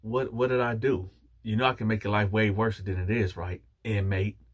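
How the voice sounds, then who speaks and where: A man's voice: fairly low pitch, little pitch movement, moderate pace, close to an everyday voice. Man quoting a pushy woman prison officer. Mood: menacing.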